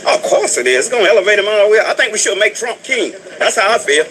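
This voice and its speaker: A man's voice: high-pitched, very animated, quick pace, background noise. A man being interviewed outdoors at a demonstration, speaking bluntly and emphatically. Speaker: rally supporter interviewed on the street. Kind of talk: street interview.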